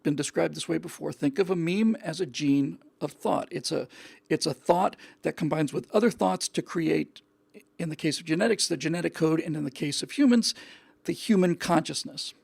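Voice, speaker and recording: A man's voice: on the high side, moderate pace, gravelly, breathy edge, no echo. A male show host giving an earnest opinion monologue, often repeating words and restarting his sentences.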